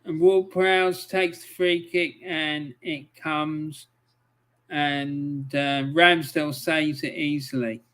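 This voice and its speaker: A man giving live match commentary on a stream, swearing often and breaking into angry outbursts between calm play-by-play. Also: on the high side, slow pace, a little hiss or hum.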